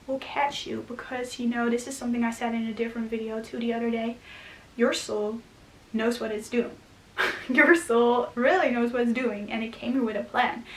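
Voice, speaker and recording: A young woman talking casually and earnestly to camera about spiritual growth, gentle and often laughing softly. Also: fairly high pitch, recorded from a distance. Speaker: spiritual vlogger. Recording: echoey room with faint hiss.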